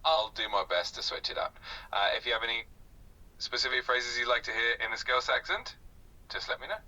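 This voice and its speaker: A man's voice: mid-range voice, brisk, bright, forceful tone, far from the mic, poor audio. A synthetic male conversation partner tutoring a learner in a polite, encouraging way, scattered with "uh" fillers. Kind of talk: patient tutoring chat.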